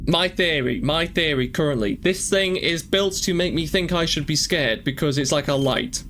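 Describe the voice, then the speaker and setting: A man's voice: a little high, moderate pace, few pauses, fairly bright tone, slight background noise. A man playing through a game, thinking aloud and asking question after question in an earnest, emotional way. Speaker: gaming streamer. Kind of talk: let's play commentary.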